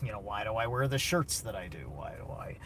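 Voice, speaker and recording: A man's voice: on the low side, big pitch swings, brisk, a bit bright, slight background noise. A man streaming a blunt, casual, opinionated monologue, swearing heavily and answering chat.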